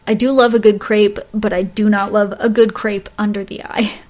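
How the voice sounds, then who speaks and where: A woman's voice: medium pitch, little pitch movement, normal speed, darkish tone. A woman hosting a solo podcast, giving advice in a chatty, casual way, often stumbling over words and laughing at her own slips. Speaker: podcast host.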